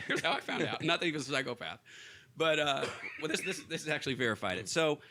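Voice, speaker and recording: A man's voice: on the high side, lively intonation, fast talker, noisy background. A man from Kentucky, a podcast guest, telling stories in a casual chat, laughing often and restarting his sentences. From Louisville, Kentucky, US.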